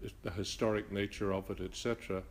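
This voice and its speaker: A man's voice: lowish voice, level tone, slight background noise. Older man, detribalized Irish-Rhodesian accent. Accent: mixed Northern Irish and Rhodesian. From Northern Ireland. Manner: halting, many restarts and fillers. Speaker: interviewee. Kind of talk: reflective interview answers.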